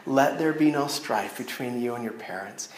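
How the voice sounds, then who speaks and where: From the stand of a church chapel, a youth speaker with a medium-pitched voice delivers a storytelling sermon at a moderate pace, animatedly addressing his young audience directly. The room is echoey, with slight background noise.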